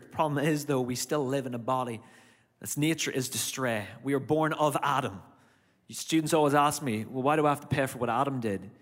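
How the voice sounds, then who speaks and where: A man's voice: medium pitch, normal speed, pauses often, a bit bright, long reverb tail, some chatter behind. A man with an Irish accent that has gone slightly American, preaching a sermon in a conversational way, with asides to the congregation. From Ireland. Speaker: pastor.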